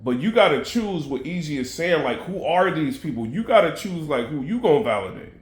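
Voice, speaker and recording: A man's voice: on the high side, very animated, fairly quick, echoey room. A man giving casual commentary straight to his viewers, heavy on "you know what I mean" and loose asides. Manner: conversational, filler-heavy, addresses viewers directly. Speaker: battle rap commentator.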